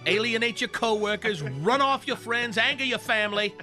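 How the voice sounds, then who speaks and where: A man delivering a mocking, drawn-out sarcastic comedy bit. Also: very high-pitched, animated, music in the background.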